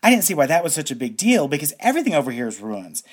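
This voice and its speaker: A man's voice: fairly high pitch, big pitch swings, racing, breathy edge. An actor in a radio drama playing a naive young man who rambles through his story in a chatty, storytelling way. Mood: rambling.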